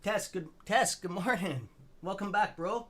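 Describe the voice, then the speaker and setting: Rambling Canadian man, slightly high voice. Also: measured pace, a bit bright. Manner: rambling, loose and friendly, greets viewers by name, says "man" and "bro". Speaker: stock trading livestream host. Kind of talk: casual livestream chat.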